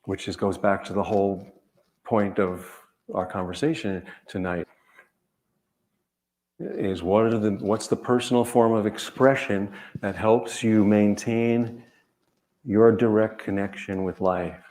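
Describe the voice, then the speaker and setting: A man, an author, speaking to an audience in a measured, earnest way, telling stories and repeating key phrases. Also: fairly low pitch, fairly even intonation, a little mellow. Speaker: author giving a reading and talk. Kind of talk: reflective storytelling talk to an audience.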